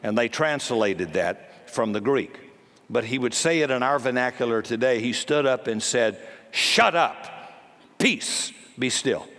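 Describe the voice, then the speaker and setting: A man preaching a sermon as pastor, forceful and blunt, with jokes and sudden commands. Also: medium pitch, moderate pace. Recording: long hall reverb.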